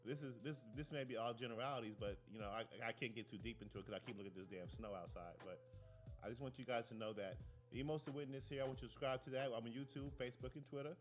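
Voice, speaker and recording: A man's voice: mid-range voice, fast talker, soft background music. A man hosting a talk show, ranting and telling stories in a casual, profane, digressive way from a studio. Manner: animated, profane, digressive storytelling. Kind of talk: casual rant and commentary.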